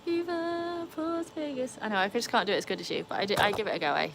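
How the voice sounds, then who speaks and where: A woman's voice: lowish voice, racing, creaky, a bit bright, slight background noise. A woman with a Welsh accent hosts a casual livestream outdoors by a pool, chatting to viewers and reading their comments over a phone. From Wales. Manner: chatty, reads and answers comments. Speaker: livestream host. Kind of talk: casual live chat.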